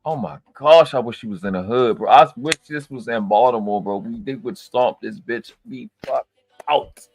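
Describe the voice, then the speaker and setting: A man hosting a live reaction stream, ranting in a profane, exasperated, slang-heavy way, swinging from loud outbursts to low mutters. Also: moderate pace, breathy edge, soft background music.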